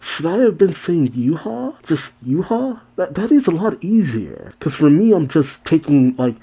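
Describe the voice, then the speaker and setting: A man hosting an anime reaction, chatting casually with excited, laughing asides. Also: a little high, unhurried, hardly any pauses, slightly rough.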